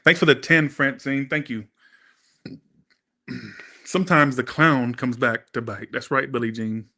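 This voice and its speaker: A man's voice: mid-range voice, fairly even intonation, measured pace, sharp tone. A man doing a casual, chatty live-stream tarot reading, thanking viewers and swearing freely. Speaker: tarot reader.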